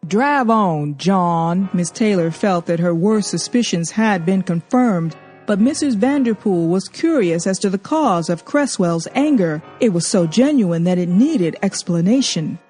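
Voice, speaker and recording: A woman narrates a literary novel in an expressive, measured way. Her voice is mellow and warm, and soft music plays faintly behind her. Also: mid-range voice. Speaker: audiobook narrator.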